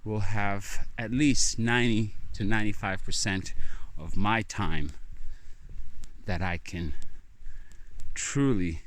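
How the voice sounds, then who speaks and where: A man's voice: on the low side, takes it slowly. A man vlogging as he walks by a lake at night, telling stories in a chatty, rambling, sometimes profane way. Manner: chatty, profane, animated storyteller. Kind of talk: rambling monologue on a walk.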